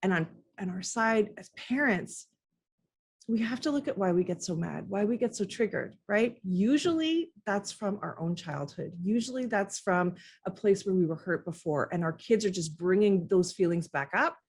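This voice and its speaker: A woman's voice: mid-range voice, expressive, moderate pace, husky. A woman parenting coach speaking earnestly and with animation in an interview, often acting out how she talks to children. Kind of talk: interview conversation.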